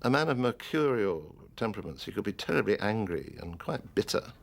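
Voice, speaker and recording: A man narrating a documentary in a measured, reflective scripted style. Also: fairly low pitch, very animated, vocal fry.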